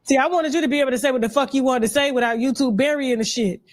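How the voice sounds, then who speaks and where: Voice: high voice, rapid-fire, no echo. A host running a casual interview, brash and profane, pushing the guest to speak freely.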